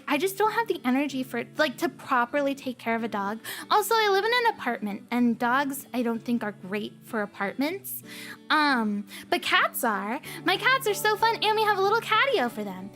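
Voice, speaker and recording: A woman's voice: high voice, fairly bright tone. A woman streamer chatting casually in a bubbly, rambling, playful way. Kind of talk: casual chat. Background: faint background music.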